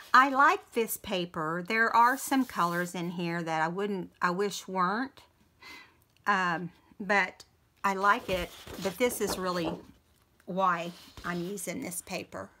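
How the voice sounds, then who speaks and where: A woman talks slowly and brightly, thinking aloud as she trims and folds paper. Her throat keeps catching, so she coughs and clears it now and then. A faint hiss and soft clicks from her crafting sit behind her voice. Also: on the low side. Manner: chatty, thinks aloud while working. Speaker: crafting video host. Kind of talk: casual craft tutorial.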